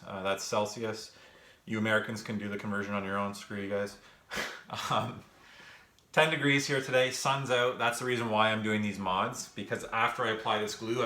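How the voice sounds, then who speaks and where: A man's voice: lowish voice, bright, forceful tone. A young man chatting casually on a livestream while working, out of breath and rambling with fillers. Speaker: gaming vlogger answering live chat. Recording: echoey room, faint background noise.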